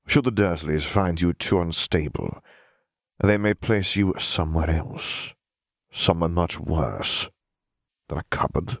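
A man voicing a cold, cryptic male wizard who speaks in a measured, aloof and faintly menacing way. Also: low-pitched, no echo, clean studio sound. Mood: cool, cryptic.

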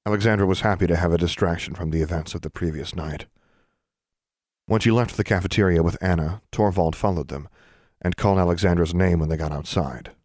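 A man narrating a fantasy novel audiobook in a calm, even reading. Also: low-pitched, no room sound, studio quality. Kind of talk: scripted narration.

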